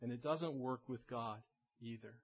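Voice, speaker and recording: A man's voice: mid-range voice, unhurried. A male pastor preaching a sermon in an earnest manner, rising to emphatic peaks and often repeating his words.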